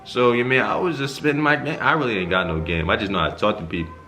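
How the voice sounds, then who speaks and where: A young man vlogging a casual storytime, animated and full of slang and swearing, his pitch leaping up whenever he acts out his own reactions. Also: fast talker, faint music behind. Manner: animated, profane slang-heavy storytelling with sharp jumps in pitch on quoted reactions.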